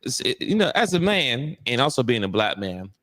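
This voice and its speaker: A man co-hosting a casual talk show, speaking in a relaxed, conversational way with frequent checks like "you know". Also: mid-range voice, normal speed. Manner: laid-back, peppers talk with "you know what I'm saying". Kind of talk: casual podcast discussion.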